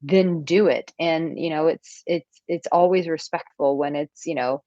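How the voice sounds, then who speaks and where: A woman's voice: sits low, steady tone, unhurried, warm tone, no room sound. A woman in her thirties, a dating coach, chatting casually on a live Q&A stream and reading out viewer comments. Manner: breezy, chatty, reads viewer comments aloud. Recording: dull, dry lo-fi stream audio.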